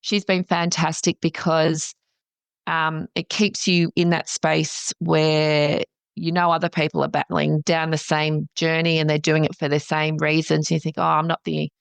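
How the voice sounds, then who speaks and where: A middle-aged woman, a counsellor and business founder, chatting as a podcast guest in an animated way and acting out her own past thoughts. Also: deep voice, creaky, clean tone, dry recording. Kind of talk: casual interview chat.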